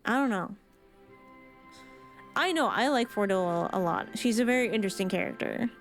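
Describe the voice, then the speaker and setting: A woman's voice: medium pitch, animated, normal speed, soft background music. A woman streamer giving chatty, playful commentary while playing a story game, drifting into rambling asides. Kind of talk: casual let's-play commentary.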